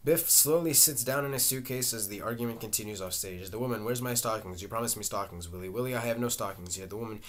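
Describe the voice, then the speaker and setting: A man with a fairly low voice reads a play aloud, taking every part himself. He reads the stage directions along with the lines and now and then stumbles and starts over. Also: fairly bright tone. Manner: halting, with restarts and stage directions read aloud. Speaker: reader. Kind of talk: amateur reading of a play, all parts.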